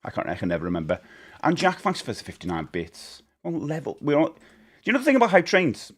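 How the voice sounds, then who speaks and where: Lively man streaming games. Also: on the high side, quick pace, husky. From England. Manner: chatty, jokey, reading out chat names. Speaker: retro game streamer. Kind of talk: casual live-stream chat.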